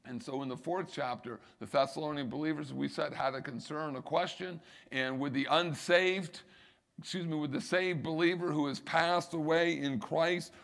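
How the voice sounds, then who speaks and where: A man's voice: a little high, vocal fry, a bit bright. A middle-aged male pastor preaching a sermon, building emphasis and repeating key phrases.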